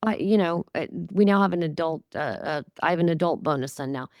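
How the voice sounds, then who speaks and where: A woman's voice: low-pitched, a little fast, dry recording, dull audio. A middle-aged woman hosting a podcast interview, speaking in a reflective, affirming way. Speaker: podcast host. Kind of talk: casual interview chat.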